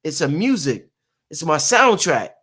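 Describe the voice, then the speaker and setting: Man riffing to his viewers, fairly high voice, loose and rhythmic, goes from loud bursts to quiet thinking. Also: unhurried, slightly rough. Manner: animated, sings and shouts snippets, trails off into low musing. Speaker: show host and producer. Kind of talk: casual monologue to viewers.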